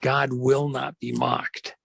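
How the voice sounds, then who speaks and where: A man telling a story dramatically, rambling with many fillers and slowing down for emphasis. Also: mid-range voice, level tone, gravelly, fairly bright tone, slightly rough, dry recording, low-quality recording. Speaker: guest.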